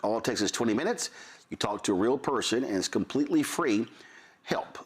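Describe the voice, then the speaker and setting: A man's voice: mid-range voice, animated, fairly quick, husky. A man reading a persuasive insurance ad in an earnest tone, sometimes dropping to a near whisper. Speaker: ad announcer. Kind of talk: radio ad read.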